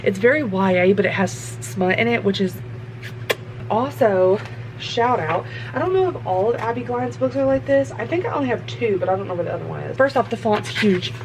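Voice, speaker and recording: A young woman chats through her reading session in a rambling, excitable way, breaking off with swears and theories. Her voice sits at an ordinary middle pitch for a woman. The recording is noisy, with a steady hiss behind her. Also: a little fast. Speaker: book vlogger. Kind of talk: casual chat. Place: car, for the ending.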